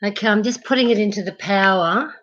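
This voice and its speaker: Wandering from room to room at home, a woman hosts a casual livestream and talks directly to viewers through her laptop microphone. She has a mid-range, fairly bright voice and speaks fairly quickly, though the audio sounds dull.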